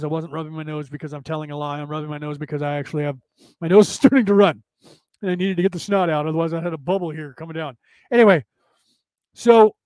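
A man's voice: on the high side, darkish tone, no echo. A man hosting a casual spiritual talk, rambling and repeating himself in a preachy way. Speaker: podcast host.

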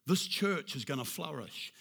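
A male pastor preaches a sermon in a husky, slightly high voice, animated and at normal speed. He builds to loud, emphatic declarations, then drops into a soft, hushed prayer.

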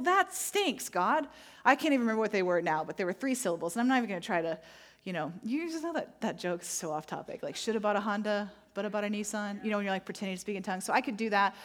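A woman's voice: medium pitch, very animated, fast talker, fairly bright tone. A middle-aged woman pastor preaching a sermon, telling personal stories in a candid, self-deprecating way with playful asides.

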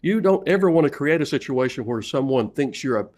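A man's voice: mid-range voice, animated, fairly quick, darkish tone. Man with a Southern US accent, middle-aged, sales coach guest, chatty storyteller, laughs a lot, stumbles and restarts. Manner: laughs often while telling stories, many restarts. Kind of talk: casual storytelling interview.

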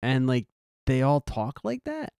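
Soft-toned man, hesitant and agreeable. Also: mid-range voice, wildly swooping pitch, measured pace, gravelly, clear, resonant tone, dry recording, studio quality. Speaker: podcast co-host. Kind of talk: casual movie discussion.

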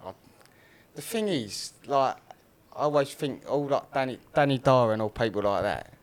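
Laid-back rambling guest. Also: male voice, medium pitch, expressive, normal speed. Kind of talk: casual podcast chat.

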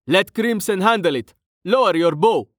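Man doing Brovos, a shrill urgent adventurer. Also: expressive, normal speed, a bit bright, dry recording, clean studio sound.

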